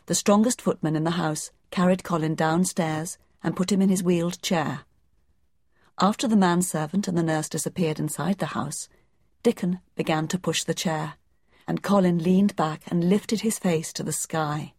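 A woman reads a classic novel aloud in a measured storytelling manner. Her voice sits low, and the recording is dry and close with no room sound. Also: fairly even intonation, a little mellow, no room sound. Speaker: narrator. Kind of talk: audiobook narration.

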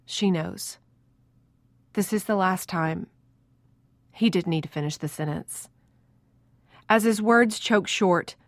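A woman in her thirties, narrating her own memoir in a reflective, measured way. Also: mid-range voice, dry recording, studio quality. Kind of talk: reading a personal memoir aloud.

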